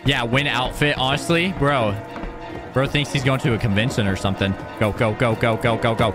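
A young man streaming a horror game, excitable, shouting and chatting to his viewers. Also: mid-range voice, moderate pace, over music. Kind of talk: gaming let's play.

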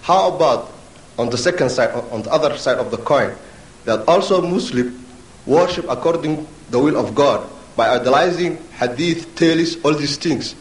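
A man's voice: fairly high pitch, animated, normal speed. A man in the audience putting a question to a speaker, hesitant and stumbling over his words. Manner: hesitant, full of fillers and restarts. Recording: echoey hall, distant mic, faint hiss.

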